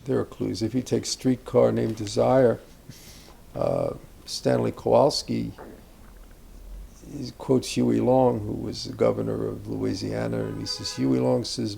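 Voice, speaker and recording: A man's voice: medium pitch, expressive, unhurried, creaky, dark tone, slight background noise. An older man, an acting teacher, speaking reflectively about character in a conversational interview, rambling with asides and restarts.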